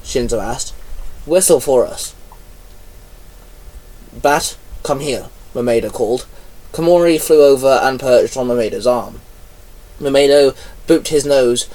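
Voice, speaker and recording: A man's voice: medium pitch, normal speed, a little mellow, distant mic, poor audio. A man reading a fan-written story aloud, giving the characters barely any voice of their own. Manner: reads plainly, barely changes voice for characters. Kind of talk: amateur read-aloud narration.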